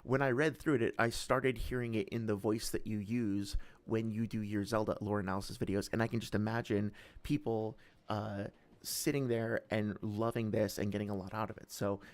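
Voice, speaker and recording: A man's voice: fairly low pitch, level tone, normal speed. A young man hosting a casual live stream, talking to chat in a rambling, hesitant way with many fillers.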